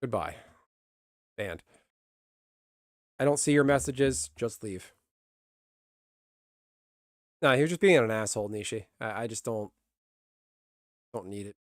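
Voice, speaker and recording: A man's voice: lowish voice, lively intonation, unhurried, pauses often, dry recording, clean studio sound. A male streamer in casual live-stream chat, blunt and grumbling, swearing freely.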